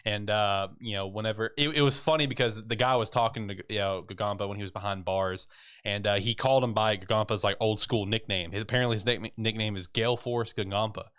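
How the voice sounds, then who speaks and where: A man's voice: fairly low pitch, steady tone, brisk, fairly bright tone, clean tone. A man casually recapping an anime episode on a podcast, rambling and swearing with frequent laughs. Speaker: podcast co-host. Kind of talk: casual anime review chat.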